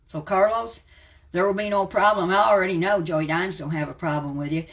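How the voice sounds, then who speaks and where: A woman's voice: lowish voice, steady tone, brisk. A woman in her seventies hosting a live stream, ranting bluntly and calling people out by name. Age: 70s.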